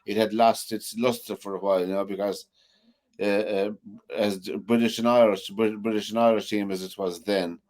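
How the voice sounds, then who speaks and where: Man, co-host, low voice, loose rambling chat full of fillers. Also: little pitch movement, normal speed, a little mellow. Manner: rambling, many fillers like "you know". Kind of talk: casual chat.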